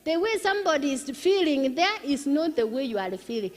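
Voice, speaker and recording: Woman preacher, sermon voice, high pitched, keeps repeating words, pointed questions to the church, big echoey hall. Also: sing-song, a little fast. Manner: direct, rhetorical questions to the congregation; repeats words when starting phrases. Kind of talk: sermon on marriage. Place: church service.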